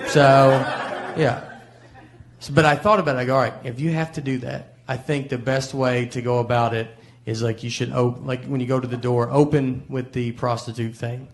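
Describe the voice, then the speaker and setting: A man from Tennessee with a Southern American accent performing a stand-up comedy routine, telling rambling deadpan stories. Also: mid-range voice, fairly quick. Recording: noisy live show audio. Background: audience laughter.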